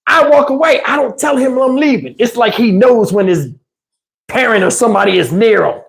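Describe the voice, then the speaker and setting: Brief: middle-aged male host, high voice, acts out voices while telling a story. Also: normal speed, gravelly. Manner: animated, acts out other people's voices. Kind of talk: casual storytelling chat.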